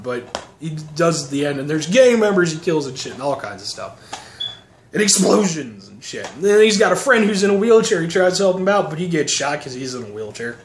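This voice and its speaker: A man sarcastically recapping action movies in a casual, profane, rambling way. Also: on the high side. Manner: sarcastic, profane, mocking voices. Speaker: movie reviewer. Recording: echoey room, faint noise.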